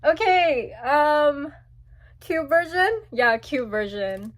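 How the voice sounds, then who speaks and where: A young woman chatting casually as she unboxes albums, gushing and squealing with excitement. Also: high voice, slow.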